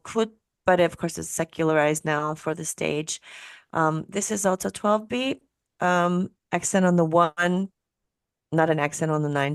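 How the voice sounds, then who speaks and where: Female lecturer on a video call: deep, fry-edged voice, patient, counts beats aloud. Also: dry recording, studio quality. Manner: explanatory, counts beats aloud, laughs at her own slips. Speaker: musicology professor presenting.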